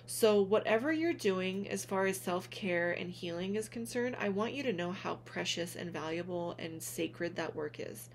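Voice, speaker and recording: A woman speaking gently and earnestly to her viewers in a heartfelt vlog, calling them honey as she encourages them. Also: on the low side, animated, moderate pace, hardly any pauses, slight background noise. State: tearful at moments. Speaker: spiritual vlogger, reader. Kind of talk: heartfelt direct-to-camera vlog.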